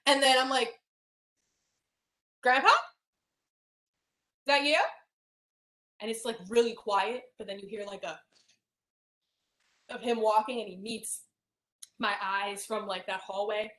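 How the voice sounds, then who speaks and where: A woman telling a painful personal story in a client intake session, often dropping to a soft near-whisper. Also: mid-range voice, fairly even intonation, normal speed, pauses often. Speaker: hypnosis client. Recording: roomy echo.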